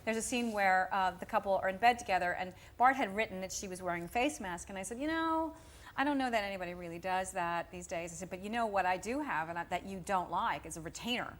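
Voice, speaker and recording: A woman who is a guest on a talk show, chatty and quick to laugh as she tells stories. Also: mid-range voice. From United States. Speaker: guest actress. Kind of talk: chat show interview. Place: TV studio.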